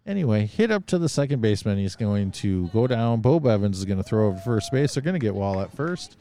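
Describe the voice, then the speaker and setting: A man's voice: on the low side, big pitch swings, fairly quick, warm tone. A man doing casual play-by-play commentary, joking between plays. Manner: chatty, joking banter.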